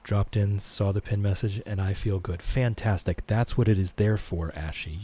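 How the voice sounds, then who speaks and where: A middle-aged man hosting a relaxed live stream, reading viewer comments aloud and answering them. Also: fairly low pitch, moderate pace, few pauses, slightly rough.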